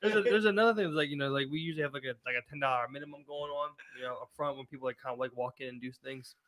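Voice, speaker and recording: A man's voice: mid-range voice, rapid-fire, fairly bright tone, poor audio. A man with a Baltimore accent on a casual podcast, rambling on with lots of filler words. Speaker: podcast co-host. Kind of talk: casual chat.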